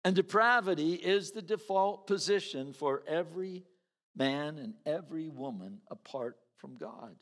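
Pastor guy preaching, kinda high voice, lots of hall echo, acts out little quotes. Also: animated, measured pace, fairly bright tone. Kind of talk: sermon. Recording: reverberant hall.

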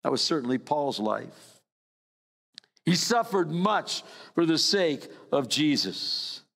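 An older man preaching a sermon as pastor, his voice swinging from raised emphasis down to low, quiet lines. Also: big pitch swings, takes it slowly, creaky, long reverb tail. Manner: preaching with sweeping rises and drops in pitch.

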